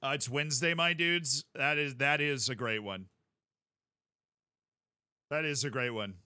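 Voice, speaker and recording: A man streaming a game, chatting casually in a rambling, jokey way with sudden loud outbursts. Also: mid-range voice, measured pace, clean tone, no room sound, clean studio sound.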